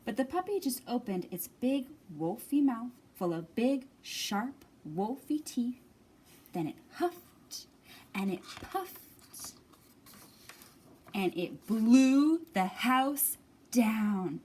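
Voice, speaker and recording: A woman librarian reading a picture book aloud at a children's storytime, expressive and animated. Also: fairly high pitch, slow, husky.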